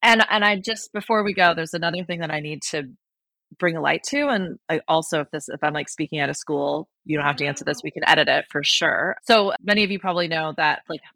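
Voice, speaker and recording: Low, gravelly woman podcast host. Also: fast talker, sharp tone, dry recording. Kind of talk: casual interview chat.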